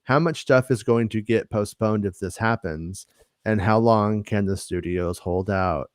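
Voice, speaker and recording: A man's voice: fairly low pitch, a little slow, dry recording, clean studio sound. A man hosting a casual live-streamed podcast, talking in a joking way with lots of stammered restarts. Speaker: podcast host.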